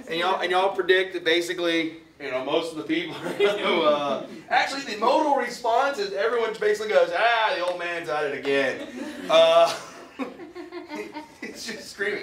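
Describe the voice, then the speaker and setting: Heard from a distance in an echoey lecture hall, a high-pitched, expressive man keeps a moderate pace over a noisy background. His classroom lecture is chatty and jokey, with questions put to the students for discussion.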